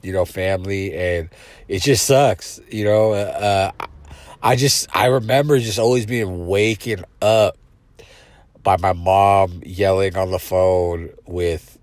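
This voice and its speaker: A man's voice: low-pitched, takes it slowly, a little mellow, dry recording. A man hosting a podcast, talking in a blunt, profane, rambling monologue full of fillers and restarts. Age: adult parent. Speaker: podcast host. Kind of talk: casual monologue.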